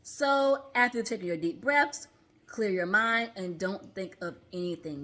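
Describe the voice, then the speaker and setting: Bright-voiced woman coaching on breathing. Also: medium pitch, normal speed. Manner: conversational, often checks in with "okay?"; demonstrates breathing aloud. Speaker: therapist and mindfulness coach. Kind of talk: casual instructional vlog.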